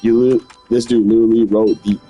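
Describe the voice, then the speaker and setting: Brief: male game streamer, low mellow voice, ranting, slangy, repeats himself. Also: level tone, brisk, soft background music. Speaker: gaming video host. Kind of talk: casual commentary while playing a video game.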